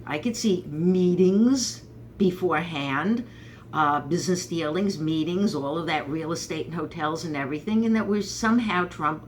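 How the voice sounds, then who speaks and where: Low-voiced New woman, sarcastic. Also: slight background noise. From Brooklyn, New York. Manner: rambling, sarcastic, animated asides. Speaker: host. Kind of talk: casual political commentary monologue.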